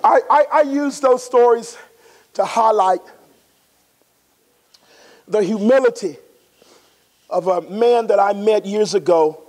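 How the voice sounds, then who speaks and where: High-pitched guy in his 40s doing a motivational talk, animated storyteller, laughs a lot. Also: takes it slowly, long pauses, in a large hall. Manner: animated storyteller, acts out scenes, laughs often. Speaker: motivational speaker. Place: resort conference room.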